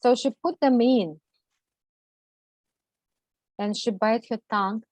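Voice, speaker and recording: A woman, a guest on an interview show, telling a personal story in halting, emotional, non-native English, full of fillers and restarts. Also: a little high, a little mellow, no echo, poor audio.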